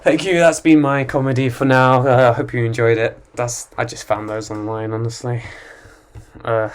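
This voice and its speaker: A man's voice: medium pitch, flat delivery, normal speed, clean tone. A young man reading stand-up jokes for his channel, giggling and stopping to redo bits. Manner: giggly, self-interrupting, restarts bits. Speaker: beginner YouTuber doing stand-up. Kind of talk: casual stand-up reading with asides.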